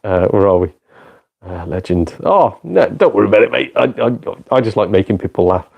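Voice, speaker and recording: A man's voice: fairly low pitch, lively intonation, normal speed, gravelly, slightly rough, dull audio. A man chatting casually with viewers on a live gaming stream. He is self-deprecating, swears and laughs often. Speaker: gaming live streamer and part-time comedian.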